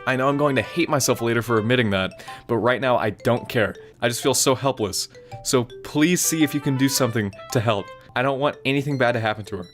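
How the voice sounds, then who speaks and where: A man's voice: medium pitch, brisk, soft background music, natural voice. A man voicing a worried teenage girl who pleads for help in a letter. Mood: pleading.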